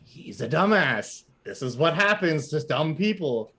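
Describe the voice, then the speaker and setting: A man's voice: fairly high pitch, sing-song, a little slow, sharp tone, full character voice. A man voicing a rude, grumpy male toy horse who talks bluntly.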